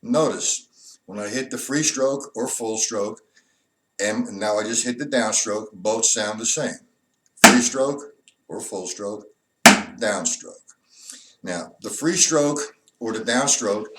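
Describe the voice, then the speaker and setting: A man's voice: lowish voice, heavy background noise. A man giving a drum lesson, walking patiently through stick positions and repeating each one. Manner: patient, repetitive explanations. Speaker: drum teacher. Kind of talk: instructional demonstration.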